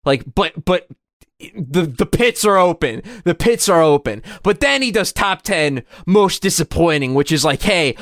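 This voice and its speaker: Young man, casual podcast chat, fairly high voice, rambling, hesitant, trails off, dry sound. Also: no room sound. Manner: rambling, hesitant restarts, trails off quietly, swears freely. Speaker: podcast co-host.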